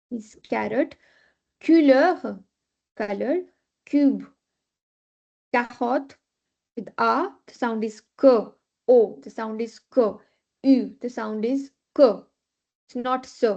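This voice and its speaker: Slow high-voiced woman teaching French. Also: a little mellow. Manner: patient, repeats rules with many okays. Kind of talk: live online class teaching. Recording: dull lo-fi class recording.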